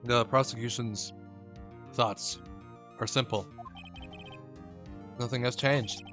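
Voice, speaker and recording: A man voicing a cold, confident male prosecutor in a video game, slow and measured. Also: mid-range voice, steady tone, sharp tone, soft background music, voice pushed down. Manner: measured, haughty.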